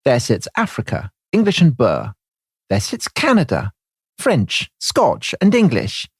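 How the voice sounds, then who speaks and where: A man's voice: medium pitch, wildly swooping pitch, measured pace, slightly rough, no echo, studio quality, heavily acted. A man reading aloud as a prim woman secretary keeping a diary, in a lofty, sweeping way. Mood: grand.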